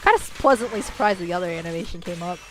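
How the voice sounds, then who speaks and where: A woman's voice: fairly low pitch, lively intonation, rapid-fire, a bit bright. A woman streaming a game and chatting casually with her viewers, rambling and swearing freely, with many "like" fillers and restarts. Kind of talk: casual live-stream chat while gaming.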